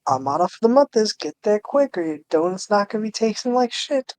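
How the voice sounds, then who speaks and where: A woman's voice: medium pitch, lively intonation, brisk, a little mellow, a little hiss or hum, voice pushed up, natural voice. A woman reading the lines of a hapless male police detective in a game, goofy and crude with cursing. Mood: eager.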